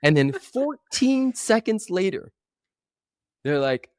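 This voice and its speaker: A man in his forties, a coach talking as a guest in a podcast interview, telling stories with animated energy and acting out other voices. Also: high-pitched, measured pace, dry recording, clean studio sound. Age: 40s. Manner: animated storyteller who acts out voices.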